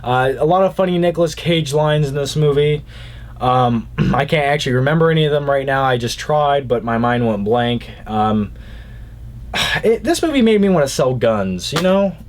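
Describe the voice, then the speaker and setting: A man's voice: fairly high pitch, slight background noise. A young man casually reviewing movies in a rambling way, with jokey asides.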